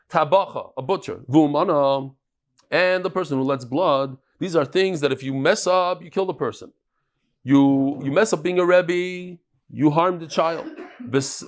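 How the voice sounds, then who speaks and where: A man teaching a daily Talmud class in a casual, lively way, mixing English with Hebrew, Aramaic and Yiddish terms and telling stories with quoted voices. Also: on the high side.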